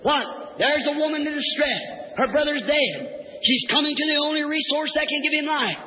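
A high-voiced preacher in full revival flow, fervent and dramatic, voicing the people of his story with sudden shouts. The recording is dull, old lo-fi tape, and his voice rings around a large reverberant hall. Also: normal speed. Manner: fervent, dramatic, acting out quoted characters, rising to shouts. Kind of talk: old-time revival sermon.

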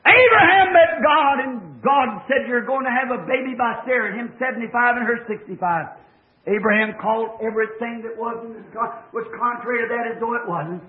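High-voiced fervent preacher on tinny tape. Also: male voice, fairly quick. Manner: fervent, swings from hushed to shouting. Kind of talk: old-time revival sermon. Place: church. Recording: tinny lo-fi old tape recording.

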